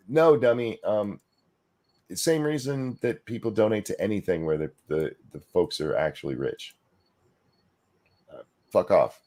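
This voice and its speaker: A man's voice: lowish voice, animated, unhurried, long pauses, a little mellow. A man co-hosting a casual political chat stream, ranting with profanity and sarcasm and reading chat comments aloud. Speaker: co-host.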